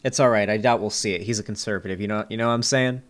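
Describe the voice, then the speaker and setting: A man's voice: on the low side, fairly even intonation, racing. A man streaming a review of a debate, talking in casual, joking commentary full of fillers and swearing, at a desk mic. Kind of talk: casual profane reaction commentary.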